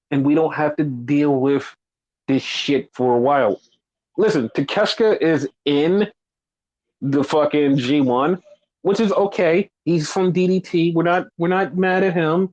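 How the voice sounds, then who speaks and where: A man's voice: medium pitch, darkish tone, lo-fi sound. A man co-hosting a wrestling podcast, ranting with heavy swearing and exasperation, mocking fans in quoted voices. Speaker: podcast co-host.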